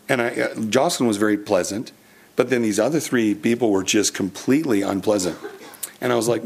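A man's voice: fairly low pitch, normal speed, vocal fry. A young man preaching a sermon, telling a personal story earnestly with frequent restarts.

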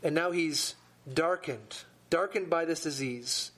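A man gives a sermon in a high voice, taking his time over every phrase. He reads scripture passages aloud with mounting intensity, then settles into a lower register to explain them. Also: measured pace, fairly bright tone. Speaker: preacher.

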